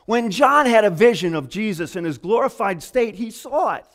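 In a high-pitched voice, a man delivers a lively, conversational sermon. He acts out the voices he quotes and sometimes stops to start a thought over.

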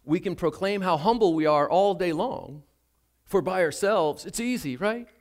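A man's voice: high voice, moderate pace, darkish tone. An older man preaching a sermon as a pastor, telling a story about himself in a chatty, self-deprecating way.

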